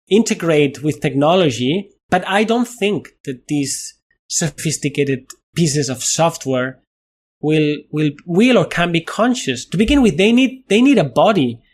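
A middle-aged man with a Spanish accent, speaking as a guest in a thoughtful interview, animated, often restarting his sentences and laughing at himself. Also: a little high, husky. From Spain. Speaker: guest, neuroscientist.

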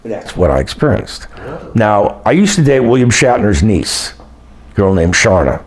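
Older male guest, lowish voice, lively storyteller who acts out quotes. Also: moderate pace, slightly rough. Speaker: guest telling personal stories. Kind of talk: casual storytelling.

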